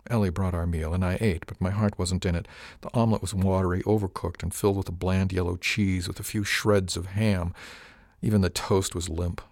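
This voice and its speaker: Deep-voiced man narrating an audiobook. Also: fairly even intonation, fairly quick, darkish tone, dry recording, clean studio sound. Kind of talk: first-person scripted narration.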